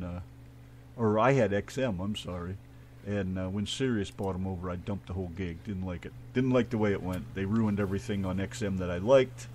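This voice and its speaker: A man's voice: on the low side, darkish tone. An American man in middle age hosts an internet radio show from his truck. He talks in a loose, rambling way, full of jokes and swearing. A faint hum sits behind his voice. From United States. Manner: rambling, profane, joking. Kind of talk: casual talk radio banter.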